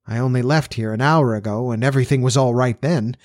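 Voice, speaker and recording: A man's voice: mid-range voice, a little fast, a little mellow, dry recording, studio quality, lightly acted. A man voicing a young male scientist who talks lightly and naturally. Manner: light, natural, easy talk.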